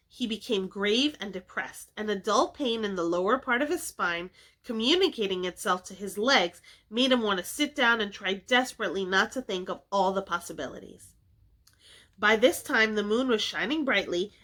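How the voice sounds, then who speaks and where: A woman reading a classic children's story aloud expressively for a library. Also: mid-range voice. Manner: expressive, animated. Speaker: children's book reader.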